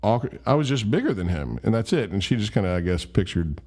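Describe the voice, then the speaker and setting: A man's voice: on the low side, very animated, fast, a little mellow. A man casually telling a rambling, self-deprecating story. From Memphis, USA. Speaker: vlogger.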